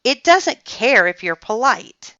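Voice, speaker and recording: A woman's voice: a little high, very animated, slow pace, sharp tone, dry recording, voice pushed up, exaggerated voice. A woman voicing a cautious, grumbling young boy in a storybook reading, with a tense, exasperated manner. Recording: dull lo-fi sound.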